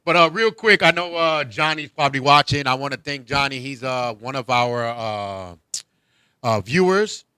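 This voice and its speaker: A man hosting a casual comedy talk show, joking and animated, laughing often. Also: medium pitch, moderate pace, clean tone, dry recording. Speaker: host.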